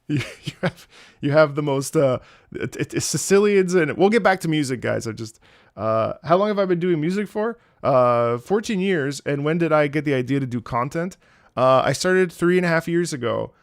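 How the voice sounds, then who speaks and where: A man's voice: fairly high pitch, lively intonation, moderate pace. A man casually chatting with his viewers on a live stream, rambling and joking with chat.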